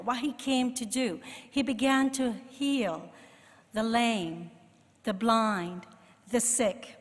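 A woman preaching a sermon in an expressive way, rising for emphasis and dropping to soft asides. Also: on the high side, big-room sound.

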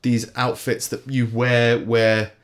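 English man, podcast co-host, casual chat, dry sardonic rambling, mid-pitched voice. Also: completely flat delivery, takes it slowly. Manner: sardonic, rambling, trails off into mumbles.

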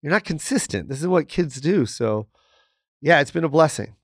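A middle-aged man, a comedian guest in a casual interview, telling stories in an animated, profane, rambling way. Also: on the high side, normal speed, no echo, studio quality.

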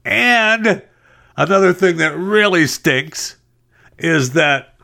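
A male talk host with a fairly low voice riffs on the day's news. He is sarcastic and exasperated, jumping up into mocking high notes and dropping back to a grumble. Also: expressive, unhurried, a bit bright. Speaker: radio show host. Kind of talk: opinionated news commentary.

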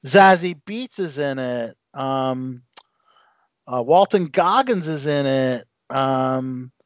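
A man's voice: medium pitch, animated, slow pace, no echo. A man hosting a casual pop-culture podcast who rambles with many fillers and restarts. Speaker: podcast host. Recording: dull, dry lo-fi sound.

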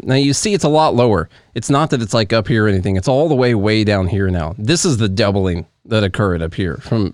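A man's voice: on the low side, no echo, clean studio sound. A man co-hosting a podcast in casual chat, reading news articles aloud and walking through a chart with offhand asides. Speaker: podcast co-host.

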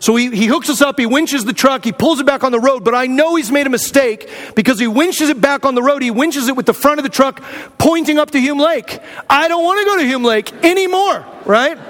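A pastor from Arizona telling a personal story in a sermon, earnest and candid, speaking conversationally with many restarts. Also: male voice, very high-pitched, brisk, a bit bright. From Arizona, USA. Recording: long hall reverb.

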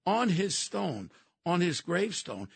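A man calling in by phone as a regular guest on a talk radio show, ranting with passion and often shouting. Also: sits high, sing-song, measured pace, creaky, husky, no room sound. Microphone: telephone.

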